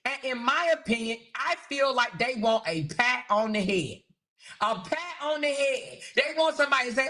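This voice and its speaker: A woman hosting a livestream, ranting in an exasperated, animated way, mocking others in quotes and reading chat aloud. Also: sits high, normal speed. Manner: reads live chat aloud. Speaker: host. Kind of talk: livestream commentary.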